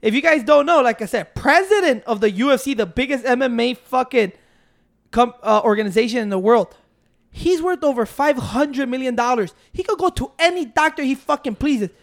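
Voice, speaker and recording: A man's voice: very high-pitched, lively intonation, a little fast. Blunt man in casual chat. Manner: blunt, profane.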